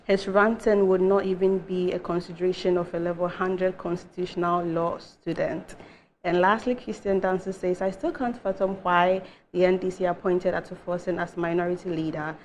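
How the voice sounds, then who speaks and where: Low-voiced woman reading viewer messages. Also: fairly even intonation, darkish tone, dull audio, slight background noise. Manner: measured, hesitant "um" between messages.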